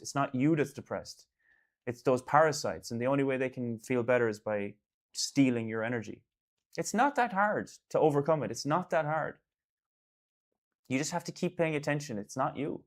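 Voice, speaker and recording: An earnest man talks in a loose, rambling way, full of fillers and restarts. He reassures his listener by repeating the same points over and over. His voice sits at a middling pitch. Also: normal speed. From Ireland. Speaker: artist and host. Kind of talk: casual one-on-one talk.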